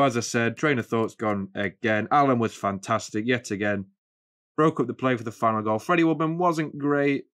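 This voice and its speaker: A man's voice: medium pitch, a bit bright. A man giving rambling, jokey play-by-play commentary on a football video game, breaking into mock-commentator flourishes. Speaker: gaming channel host.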